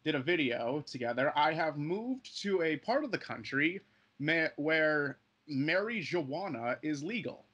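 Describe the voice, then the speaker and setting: A young man with a fairly high voice rambles through a casual podcast chat. He delivers odd stories in a deadpan way and often breaks off mid-sentence to restart. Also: a little slow, breathy edge, muffled recording. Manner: rambling, deadpan, self-interrupting. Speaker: channel co-host.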